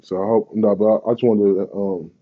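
A man's voice: lowish voice, flat delivery, brisk, phone-quality sound. A man, ranting in a profane, rambling, slang-heavy way in a casual vlog. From Bay Area, California. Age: 30s.

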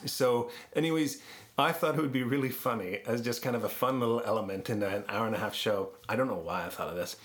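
A man's voice: mid-range voice, fast talker. A man, a podcast producer, telling stories in a conversational interview with frequent laughs. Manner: animated anecdotes with frequent laughs.

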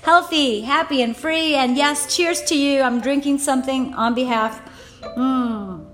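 A woman's voice: high voice, a little slow, faint music behind. A woman fitness coach talking emotionally and rambling in a casual vlog, laughing often, recorded on a phone without a mic. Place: at home, Eastern US time. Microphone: phone without external mic.

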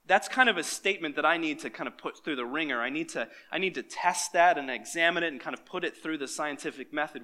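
A man's voice: on the high side, fast, hardly any pauses, bright, forceful tone. A pastor giving a sermon to his congregation, reading scripture and quizzing his listeners in an engaging way.

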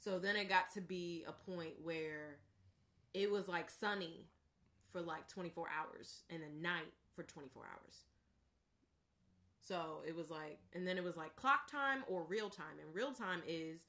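A woman's voice: lowish voice, measured pace, pushed and bright. A woman co-hosting a casual chat, rambling a bit and often saying "like". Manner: rambling, uses "like" a lot.

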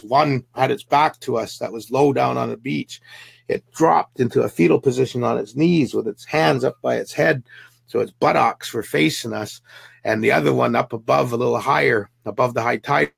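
A man's voice: mid-range voice, moderate pace, creaky, slightly rough, no echo. A man from the Pacific Northwest, a guest telling a vivid first-hand story and acting out the people in it. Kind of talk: storytelling an encounter.

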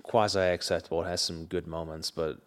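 A man's voice: low voice, little pitch movement, brisk. A man in casual chat about movies who makes short, blunt remarks.

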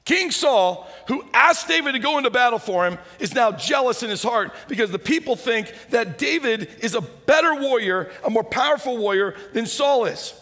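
A man preaching a sermon, retelling a story with lively humor and acting out its characters. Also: very high voice, moderate pace, few pauses. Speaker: pastor. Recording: hall reverb.

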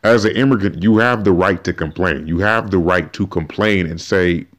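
A man hosting a podcast, giving animated, emphatic opinion commentary and often restarting his sentences. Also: deep voice, normal speed. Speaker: podcast host.

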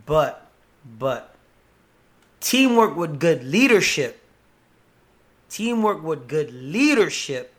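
A man hosting a podcast in casual chat, animated and profane, often restarting his sentences. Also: mid-range voice. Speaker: podcast host.

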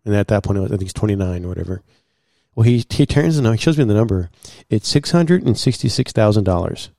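A man guest in casual storytelling, animated, acting out what others said and using many fillers. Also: fairly low pitch, quick pace, creaky, no room sound, studio quality. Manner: animated, acts out quoted dialogue, many fillers.

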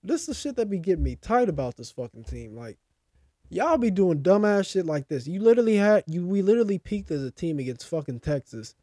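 A man's voice: high-pitched, very animated, fairly quick, mellow, no room sound, clean studio sound. Fired-up young man ranting about football. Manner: heated, swearing, ranting about his team. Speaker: podcast co-host. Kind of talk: casual sports chat.

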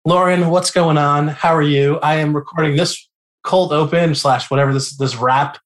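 A brash man from New Jersey, joking and loud in casual podcast chat. He talks from a bedroom in his parents' house. His delivery is quick and teasing. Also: fairly high pitch, fairly even intonation. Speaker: podcast co-host.

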